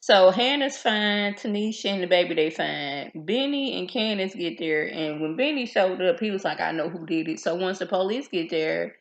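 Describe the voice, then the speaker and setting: A young woman talks through a TV episode, chatty and animated. Her voice sits fairly low, and she jumps into the characters' lines as she tells it. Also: moderate pace, hardly any pauses, dull audio. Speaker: TV show reviewer. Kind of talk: casual recap vlog.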